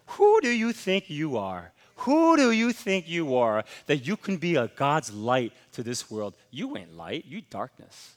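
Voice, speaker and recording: A man's voice: fairly high pitch, wildly swooping pitch, measured pace, hardly any pauses. A man voicing Satan as a sneering male tempter who belittles the listener with accusing questions. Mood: taunting.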